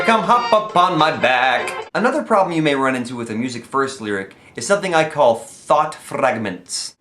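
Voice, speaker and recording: A man's voice: mid-range voice, fairly bright tone. A man teaching how to write comedy lyrics in a friendly, explanatory video lesson, with the odd "uh" and "um". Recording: echoey room, faint music.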